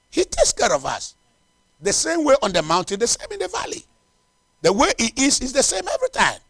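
A male preacher with a high voice that leaps up and down as he builds to loud declarations and then drops to hushed asides. He repeats phrases to drive them home. The sound is dry and close. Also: no room sound. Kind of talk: sermon with closing prayer.

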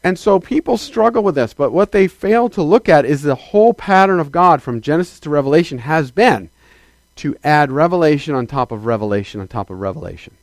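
A man's voice: on the high side, animated, a little fast, no echo. Emphatic preaching pastor, man. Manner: emphatic preaching, swinging between loud declarations and quiet asides; calls out to the congregation for affirmation. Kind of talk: sermon.

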